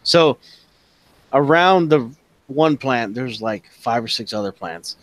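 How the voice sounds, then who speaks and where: A man's voice: medium pitch, lively intonation, slow pace, fairly bright tone, no room sound, rough recording. A man running a tabletop game, narrating casually with lots of swearing and laughter. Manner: casual, profane, laughs often. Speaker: game master.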